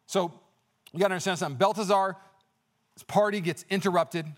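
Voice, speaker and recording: Animated man preaching a sermon. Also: high-pitched, brisk. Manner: conversational and animated, with many fillers and restarts. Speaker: pastor.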